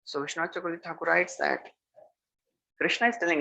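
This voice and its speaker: A man's voice: a little high, steady tone, fast talker, gravelly, long pauses, pushed and bright. A man giving a scriptural lecture, retelling a story and acting out the characters' speech. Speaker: preacher. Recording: dull lo-fi lecture recording.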